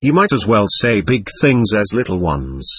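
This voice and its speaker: Man voicing a stubborn angry male spirit, husky, spiky up-and-down delivery, read from a séance transcript. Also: lowish voice, big pitch swings, normal speed, dry recording, voice pushed down. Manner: defiant, threatening, scornful. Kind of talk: reading a séance transcript aloud.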